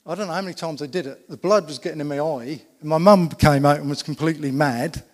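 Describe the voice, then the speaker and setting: Preacher, emphatic storyteller. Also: male voice, a little high, fast talker. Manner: emphatic storytelling with rhetorical questions. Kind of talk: sermon. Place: church. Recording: long reverb of a church hall.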